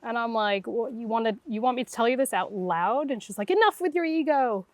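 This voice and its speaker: A woman's voice: on the high side, fairly quick, dry recording. A middle-aged woman, a guest intuitive, telling her story in conversation and acting out the voices of the people in it. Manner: animated, acts out quoted dialogue.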